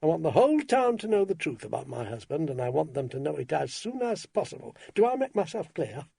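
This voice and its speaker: A woman's voice: sits low, very animated, a little fast, gravelly, warm tone, slightly rough, no echo, studio quality, full character voice. A man voicing a haughty, imperious provincial alderman's wife with a clipped, demanding manner.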